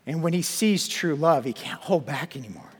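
A man's voice: a little high, expressive, moderate pace, breathy edge, big-room sound. A man preaching a sermon and reading scripture aloud, often repeating words and putting questions to his listeners. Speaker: pastor.

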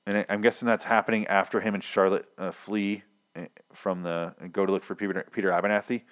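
Solo podcast host, male, slightly low voice, loose and swearing, animated recap chatter. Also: fast. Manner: rambling, profane, animated. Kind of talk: casual solo show recap.

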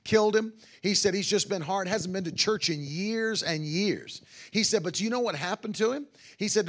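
A man's voice: high voice, fairly bright tone. A man, a traveling revival preacher, telling testimonies with fervor and bursts of hallelujah. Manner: fervent, exclaims hallelujah, quotes others in his own voice. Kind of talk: testimony-driven sermon storytelling.

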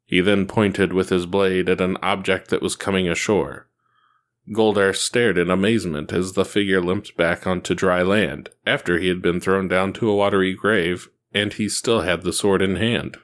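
A man reading an action story aloud in a steady, even narration. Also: low-pitched, normal speed. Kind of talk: reading fan fiction aloud.

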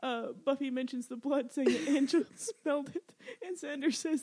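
A woman co-hosting a podcast, recapping a TV episode in an animated, wry way with frequent giggles. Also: high voice, a little fast, few pauses. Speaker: podcast co-host.

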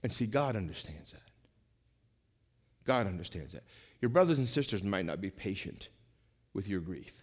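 Speaking in a fairly low voice, a middle-aged pastor preaches a conversational sermon full of side remarks and rhetorical questions. Scripture readings make him slow and build in volume.

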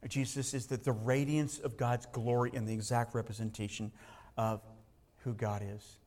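A man's voice: mid-range voice, flat delivery, moderate pace, darkish tone, long reverb tail. A man preaching a sermon in an emphatic way, often repeating words for stress. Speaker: pastor.

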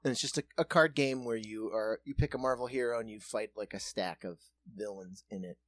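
Co-hosting a casual chat, a man from South Dakota, USA talks loosely, swearing a lot and laughing through the banter. His voice sits on the low side, a bit bright, and he speaks fairly quickly in a dry recording.

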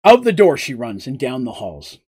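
A man casually retelling a tabletop game story on a live stream, chatty and animated, with asides to his chat. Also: mid-range voice, moderate pace, husky.

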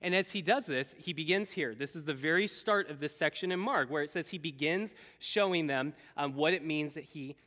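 A man preaching a sermon to his congregation, animated and acting out the voices he quotes. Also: on the high side, fairly quick, hardly any pauses. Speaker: pastor. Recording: echoey hall.

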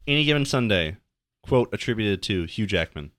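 A man's voice: on the low side, expressive, normal speed, a bit bright, no echo, clean studio sound. A man co-hosting a podcast, chatting casually over a movie and tossing out absurd joking one-liners. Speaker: podcast co-host.

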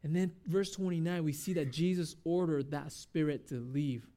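A man with a somewhat high, mellow voice preaches a sermon as a pastor at a church service, speaking at normal speed. His preaching is casual and conversational, with fillers, and he acts out the people in his story through quoted voices.

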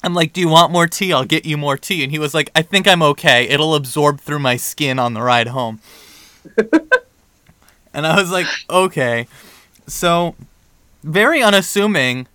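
Young man, podcast co-host, bright crisp voice, dry close mic, lively storytelling. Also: fairly high pitch, normal speed, pauses often, no echo. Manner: animated storyteller, acts out quoted dialogue. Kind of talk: casual chat, storytelling.

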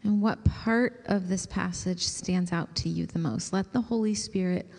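A woman preaching a sermon and leading a slow, gentle scripture prayer with long pauses. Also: lowish voice, vocal fry, long reverb tail.

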